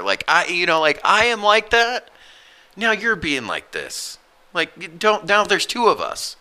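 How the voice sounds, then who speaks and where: Man, forties, blunt, self-deprecating, very bright tone, lively pitch. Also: normal speed. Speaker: co-host. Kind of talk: casual Christian podcast chat.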